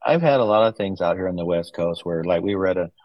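A man's voice: low-pitched, fast, no echo, lo-fi sound. A man, an author's son, telling casual anecdotes in an interview, acting out the voices of people he quotes. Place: West Coast wine region home.

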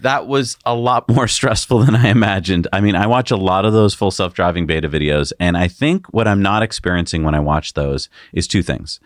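A man riding as a passenger and co-host, reacting in expressive, stressed casual talk inside a moving car. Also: low-pitched, dry recording.

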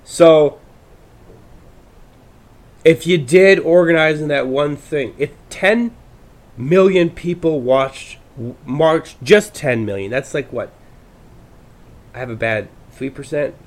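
A man's voice: a little high, slow, pauses often. A man from the United States hosting a podcast, delivering a profane political rant that rambles and restarts often. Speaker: podcast host. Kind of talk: ranting political monologue.

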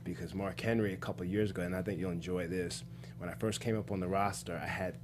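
A man chatting casually as a guest, telling lively stories and acting out the voices in them, stumbling over his words when excited. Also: sits low, fast talker. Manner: animated storyteller, acts out voices in anecdotes. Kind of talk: casual podcast chat, storytelling.

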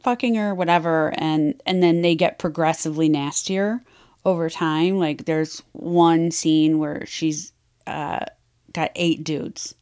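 This podcast co-host chats candidly about romance novels in a low, steady voice that is mellow, clear and resonant. She speaks slowly, giggles often and leans on plenty of fillers.

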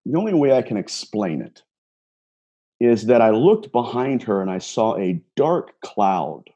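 Earnest low husky man telling a story. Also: warm tone. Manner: earnest, recounts dialogue with many "I said" tags and stammered repeats. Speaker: self-described empath telling a personal story. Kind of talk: casual spoken storytelling.

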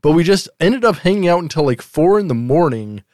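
A man's voice: on the high side, expressive, brisk, mellow, no room sound, clean studio sound. A man in his thirties co-hosting a podcast, chatting casually, rambling and swearing freely. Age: 30s. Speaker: podcast co-host.

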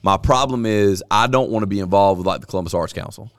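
Low-voiced man in casual podcast chat. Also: fast talker, no room sound, clean studio sound. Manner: animated, candid, swears freely. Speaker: podcast host.

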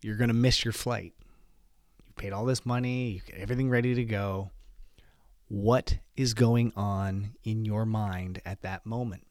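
A man with a fairly low voice hosts a solo podcast. He talks earnestly straight to the listener and keeps asking rhetorical questions. The sound is close and dry. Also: steady tone, measured pace, dry recording. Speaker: podcast host.

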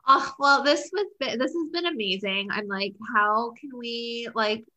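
A woman's voice: fairly high pitch, measured pace, sharp tone, poor audio. A woman hosting a casual podcast chat, bubbly and enthusiastic. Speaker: podcast host.

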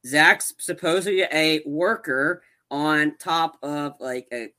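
A man co-hosting a podcast, giving a casual, rambling, animated retelling of a movie with many restarts. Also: on the high side, slow pace. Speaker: podcast co-host. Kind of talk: casual movie recap chat.

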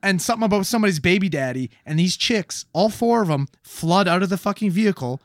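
A man in his thirties with a somewhat high voice tells an animated story, swearing freely. The sound is dry and close-miked. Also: fast talker, no room sound. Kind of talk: casual chat.

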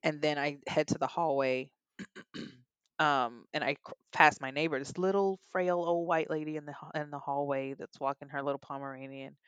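A woman's voice: low-pitched, steady tone, moderate pace, clear, resonant tone, no room sound, highs cut off. A young adult woman, a podcast guest, candidly and earnestly telling a personal story in an interview.

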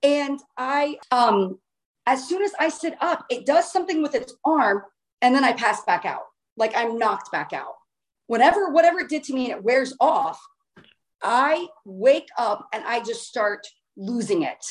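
Woman, fairly high voice, interview guest, animated, excitable storytelling. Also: measured pace, poor audio. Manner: animated, excitable, acts out her own past words. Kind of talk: recounting a personal experience in conversation.

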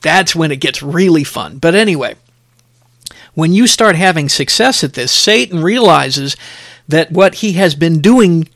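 A man's voice: a little high, animated, a little slow, a bit bright, no room sound, clean studio sound. A middle-aged man hosting a podcast, preaching in an emphatic, exhorting way and repeating phrases for effect. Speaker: podcast host. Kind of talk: preaching, sermon-like podcast talk.

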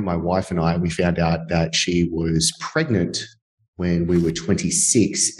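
Very deep-voiced Australian man. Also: darkish tone. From Sydney, Australia. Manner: candid, uses many fillers like "like" and "uh". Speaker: guest. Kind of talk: storytelling interview.

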